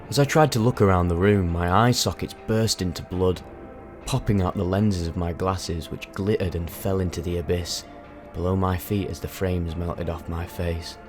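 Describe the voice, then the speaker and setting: Man, deep voice, dramatic storytelling, vivid and emphatic, soft music behind. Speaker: narrator. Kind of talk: dramatic first-person storytelling.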